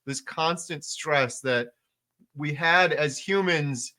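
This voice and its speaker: Bright, eager male podcast host. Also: on the high side, takes it slowly. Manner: enthusiastic, repetitive emphasis, frequent fillers. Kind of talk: casual interview chat.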